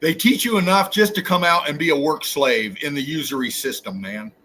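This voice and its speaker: A man's voice: a little high, brisk, pushed and bright, a little hiss or hum. A man hosting his own channel, delivering an angry, profane, preachy rant straight at his viewers. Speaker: channel host. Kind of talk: angry ranting monologue.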